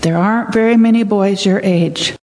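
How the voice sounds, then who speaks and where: A woman's voice: medium pitch, normal speed, lightly acted. A woman voicing a kind female store manager praising a boy, in an echoey hall. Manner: warm, approving.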